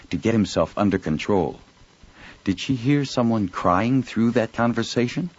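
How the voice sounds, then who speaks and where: Deep, husky male audiobook narrator. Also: a little mellow, dull audio. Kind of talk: scripted narration.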